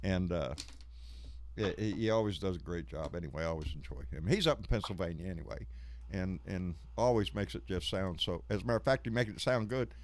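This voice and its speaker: A man's voice: low voice, lively intonation, a little fast, a little hiss or hum. Folksy man hosting a live stream. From Texas. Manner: rambling, folksy, swears freely. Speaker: live show host. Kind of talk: casual live-stream chat.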